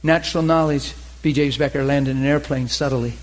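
A man preaching a sermon to a group, animated, acting out characters in his stories. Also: medium pitch, fast talker, rough recording. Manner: animated, voices characters in anecdotes. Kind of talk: sermon with acted-out scenes.

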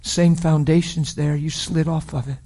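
A middle-aged man preaching, telling a personal story with emotional swings from loud declarations to hushed whispers. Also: a little high, fairly even intonation, normal speed, slightly rough. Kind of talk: sermon testimony.

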